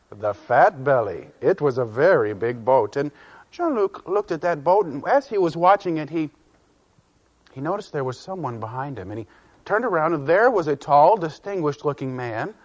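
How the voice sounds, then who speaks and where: A man telling a children's story in an animated, folksy way, with asides to the listeners. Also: on the high side.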